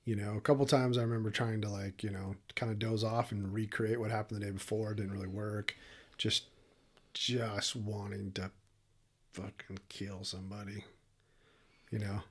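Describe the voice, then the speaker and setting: A man's voice: on the low side, level tone, moderate pace. A man co-hosting a podcast, telling a story in a candid, emotional, profane way and laughing often. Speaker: podcast co-host. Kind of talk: casual storytelling chat.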